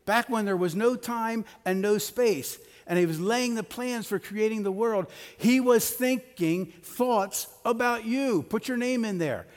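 A man's voice: high-pitched, normal speed, hardly any pauses. A middle-aged man preaching a sermon as pastor in a church sanctuary, conversational, with personal stories and light jokes. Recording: long hall reverb of a church.

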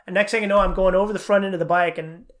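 A middle-aged man with a fairly high voice, guesting on a podcast as a coach. He talks fast and animatedly, racing through his stories in a casual chat. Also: fairly even intonation, slight background noise.

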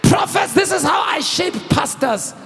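A man voicing a gentle, patient male teacher, speaking slowly and earnestly. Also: very high-pitched, animated, gravelly, soft background music, pitched above the performer's own voice, heavily acted. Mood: rousing. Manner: slow, hushed, earnest. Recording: long hall reverb.

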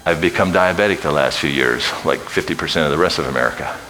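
Deep-voiced older preacher, loud to hushed. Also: male voice, quick pace, slight background noise. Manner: swings from loud shouting to hushed near-whispers; folksy and joking. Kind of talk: sermon.

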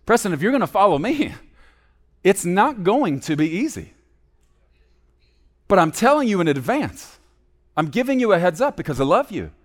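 Male pastor preaching; lively, slightly higher voice, big swings from loud to hushed. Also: normal speed, pauses often. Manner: animated preaching, swings between loud emphasis and hushed low asides. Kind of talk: sermon.

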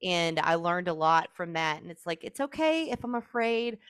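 A woman's voice: lowish voice, expressive, moderate pace, fairly bright tone, smooth, no room sound, studio quality. A woman guest on a podcast sharing personal stories in an earnest, heartfelt way, with many "like" fillers. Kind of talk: emotional personal storytelling.

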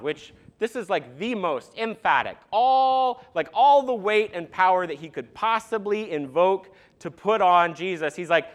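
A young man preaching a sermon to a congregation in a church, animated and conversational with asides to the crowd. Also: high-pitched, moderate pace. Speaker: pastor. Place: church sanctuary.

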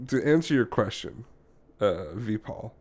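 Playful, low-voiced male podcast host. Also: sing-song, a little mellow. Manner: playful, quick to question. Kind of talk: casual chat.

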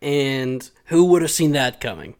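A man's voice: mid-range voice, big pitch swings, a little slow, darkish tone. A man co-hosting a podcast in casual chat who reads notes aloud and teases his co-host.

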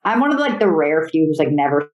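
A woman's voice: deep voice, very animated, fast, muffled recording. Young woman rambling through a story. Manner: rambling storytelling with many fillers. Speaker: comedian guest. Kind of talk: casual chat over video call. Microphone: video call.

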